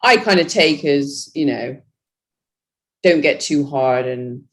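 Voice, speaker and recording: A woman's voice: low-pitched, slow pace. A young woman chatting casually as a podcast guest, talking about her bodybuilding training with lots of "you know" fillers. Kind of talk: casual chat.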